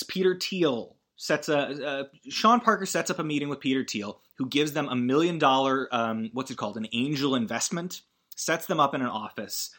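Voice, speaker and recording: A man casually recapping a film, rambling and animated, acting out the characters' lines and swearing freely. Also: mid-range voice. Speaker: podcast host recapping a film.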